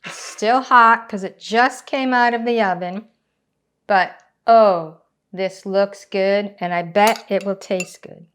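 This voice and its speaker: A woman's voice: mid-range voice, steady tone, slow pace, a bit bright, clear, resonant tone. A woman hosting a casual home cooking demonstration, chatting through each step as she cooks in her kitchen. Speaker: cooking channel host.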